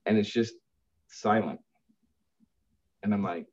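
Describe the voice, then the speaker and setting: A man's voice: on the low side, fairly even intonation, measured pace, long pauses, darkish tone. A man who runs a business helping grieving families, telling stories earnestly and lifting his voice when he quotes others. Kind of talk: storytelling in conversation. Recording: dull lo-fi sound.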